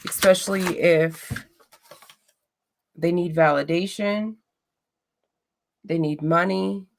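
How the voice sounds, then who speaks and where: Blunt gravelly woman chatting. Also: fairly low pitch, fairly even intonation, takes it slowly. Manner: blunt, profane, roasting a chat troll. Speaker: livestream host. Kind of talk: casual livestream chat.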